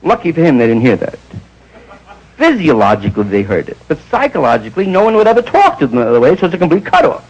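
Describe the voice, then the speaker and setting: A man doing stand-up storytelling, jumping into quick voices of the people in his stories. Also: a little high, wildly swooping pitch, slightly rough, muffled recording. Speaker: stand-up comedian.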